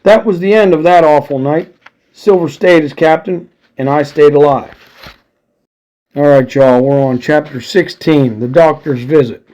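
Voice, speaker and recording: A man's voice: fairly high pitch, measured pace, a little mellow. Man casually reading an adventure story. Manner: casual, friendly asides to listeners.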